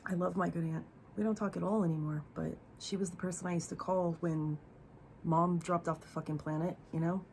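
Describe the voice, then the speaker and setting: A woman's voice: lowish voice, fairly even intonation, fairly quick, a little mellow, slight background noise. A young woman telling a candid personal story on her vlog, profane and emotional, rambling with fillers.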